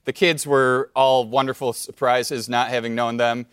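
A man, a comedian guest on a talk show, telling rambling, animated stories in casual chat. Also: mid-range voice, a little slow, clean tone, no echo. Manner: rambling, animated storytelling with laughs.

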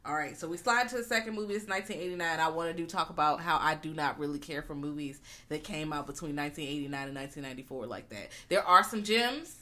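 A woman's voice: low-pitched, quick pace, hardly any pauses. A woman co-hosting a casual movie recap podcast, talking animatedly and with plenty of swearing. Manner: animated, profane, acts out quotes. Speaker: podcast co-host.

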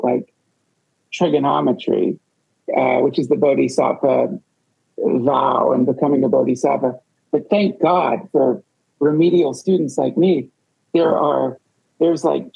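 Husky, self-deprecating man on a panel. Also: a little high, warm tone, low-quality recording. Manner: rambling, self-deprecating humor. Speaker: podcast host. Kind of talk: retreat panel talk.

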